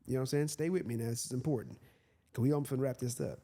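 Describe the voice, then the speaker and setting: A man's voice: a little high, animated, rapid-fire, vocal fry, mellow. A man hosting a podcast who reads scripture aloud and explains it in a conversational way, laughing often. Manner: conversational, laughs often, frequent "you know what I mean". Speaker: podcast host.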